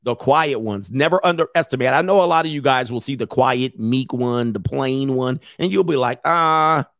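A man's voice: medium pitch, moderate pace, creaky, dry recording, clean studio sound. A man hosting a stream, ranting comically in casual slang and laughing often. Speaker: streamer host. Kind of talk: casual comedic rant.

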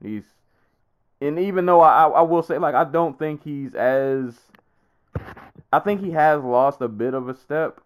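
Co-hosting a podcast, a man with a slightly high, clear, resonant voice talks unhurriedly and casually about a fight. His sports chat is rambling and easygoing, full of fillers and restarts.

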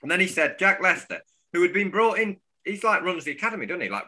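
A man talking football on a podcast with a very bright, forceful tone. His pitch swings widely as he jokes, laughs and swears through the chat. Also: fast. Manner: animated, laughing, sweary banter. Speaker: podcast co-host.

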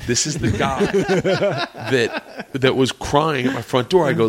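A man in his forties telling a long comedy story in casual chat, animated and profane, often laughing. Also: mid-range voice, a little slow. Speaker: comedian guest.

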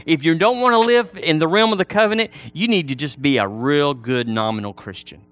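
A man preaching a sermon, folksy and animated, slipping into playful voices for the people he mimics. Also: on the high side, fairly quick.

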